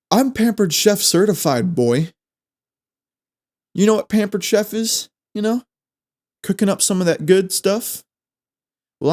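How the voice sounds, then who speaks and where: Rambling, playful young male podcast host. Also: medium pitch. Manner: playful, rambling, trips over words. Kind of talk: casual solo podcast chat.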